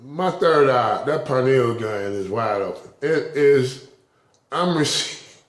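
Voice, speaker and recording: A man's voice: mid-range voice, expressive, takes it slowly. Chuckling man in an echoey room. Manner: rambling, chuckles often between phrases. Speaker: vlogger. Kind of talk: casual spiritual talk to camera. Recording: roomy echo.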